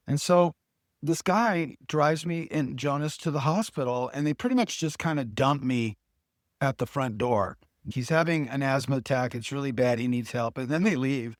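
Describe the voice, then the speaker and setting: A middle-aged man recounts his life in an earnest, conversational way. His voice sits in an ordinary middle pitch. The sound is close and dry, with no room around it. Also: lively intonation, moderate pace, no echo. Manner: earnest storytelling with quoted dialogue. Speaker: podcast guest. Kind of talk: personal testimony in casual talk.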